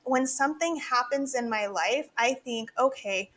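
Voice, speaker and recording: Woman co-host, forties, candid chatty delivery, a bit higher voice. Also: normal speed, a bit bright. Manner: candid, chatty, laughs often, many fillers. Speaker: podcast co-host, dental practice consultant. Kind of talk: casual podcast chat.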